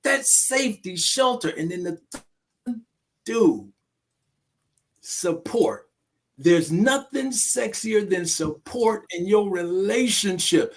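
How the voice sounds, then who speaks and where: Emphatic male counselor type with a high voice, lecturing a men's group. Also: lively intonation, slow, faint music behind. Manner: emphatic, preachy, keeps checking in with listeners. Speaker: domestic violence class facilitator. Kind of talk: group discussion.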